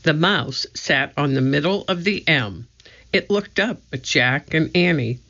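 A narrator reading a children's book aloud in an expressive storytelling manner. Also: medium pitch, a little slow, highs cut off. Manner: expressive storytelling, voicing each character. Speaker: audiobook narrator.

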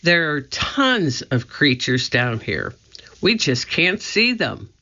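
A man's voice: a little high, big pitch swings, slow, sharp tone, full character voice. A man voicing a cautious, bookish young boy explorer who worries and cries out in alarm. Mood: careful. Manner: careful, worried, crying out in alarm. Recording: dull lo-fi recording.

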